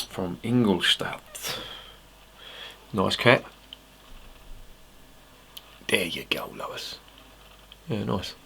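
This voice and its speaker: Deep-voiced English man, chatty beer vlogger. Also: extremely slow, creaky, pauses often, noisy background. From England. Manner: chatty, swears freely, self-mocking asides. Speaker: beer reviewer. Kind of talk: casual rambling tasting review.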